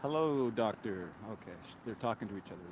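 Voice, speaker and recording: A man's voice: on the low side, animated, quick pace, noisy background. Huffing man livestreaming on a street walk. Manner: reads viewer comments aloud, casual and chatty. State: out of breath from walking. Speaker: livestream host. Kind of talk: walking livestream chat. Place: outdoors on a street in cold weather. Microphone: handheld microphone.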